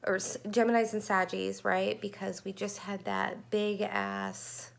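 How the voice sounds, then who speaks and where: A woman's voice: mid-range voice, level tone, measured pace, creaky. A woman tarot reader in a rambling, chatty vlog, often stopping to correct herself. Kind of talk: casual tarot reading chat.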